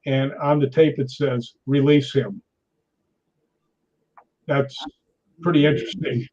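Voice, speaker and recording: At a normal speed and a fairly high pitch, a sixties-aged man guesting in an interview spins lively anecdotes, voicing each quoted person himself. The recording sounds dull and lo-fi.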